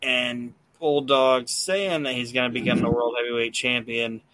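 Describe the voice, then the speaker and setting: A man casually recaps wrestling shows as a podcast host, rambling and swearing with many fillers. His mid-range voice is steady and a bit bright at a moderate pace, captured in a dry recording.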